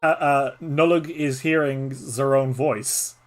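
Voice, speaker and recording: Streamer, solo tabletop game narration, slow pace, halting fillers. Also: medium pitch, steady tone. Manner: halting, many fillers like "kinda, like". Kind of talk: improvised story narration.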